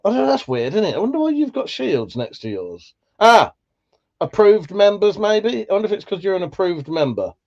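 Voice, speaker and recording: A man with a Buckinghamshire accent hosting a livestream, reading out chat in a relaxed, sweary way, laughing often, his voice slightly worn. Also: sits high, brisk, muffled recording. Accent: Buckinghamshire English. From England. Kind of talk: casual chat.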